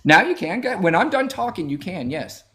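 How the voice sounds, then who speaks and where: A man's voice: high-pitched, very animated, moderate pace, sharp tone, slight background noise. Angry, profane male stream host. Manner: aggressive, profane, talks over the caller. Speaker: host of a live political debate stream. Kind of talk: heated live-stream argument.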